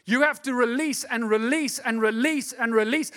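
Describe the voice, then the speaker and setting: Male pastor with a high-set voice, sermon delivery, hushed asides building into forceful repeated refrains. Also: fast, few pauses. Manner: shifts from hushed, intimate asides to loud, driving preaching; repeats words for emphasis.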